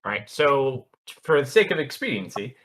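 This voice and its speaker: Man, game master, tabletop narration, bright tone, animated delivery. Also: mid-range voice. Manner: lively, joking, quick asides to players.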